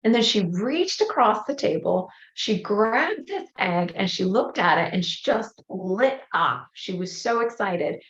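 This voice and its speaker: Woman in her 30s telling an emotional story, mid pitch, echoey kinda muffled sound. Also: lively intonation, unhurried, hardly any pauses, a bit bright. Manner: earnest, emotional retelling with acted-out quotes. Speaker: guest speaker. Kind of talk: personal storytelling. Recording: roomy, slightly dull audio.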